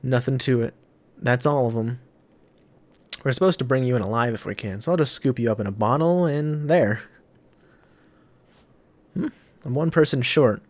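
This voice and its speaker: Smug scheming villain, taunting, calm, man reading the lines aloud. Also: mid-range voice, moderate pace, pauses often, no echo, natural voice. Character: cunning male villain, manipulative and smug.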